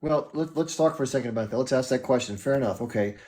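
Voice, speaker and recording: Mellow-voiced American man hosting a live stream. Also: mid-range voice. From United States. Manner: measured, lecturing, repeats the caller's name. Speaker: livestream host.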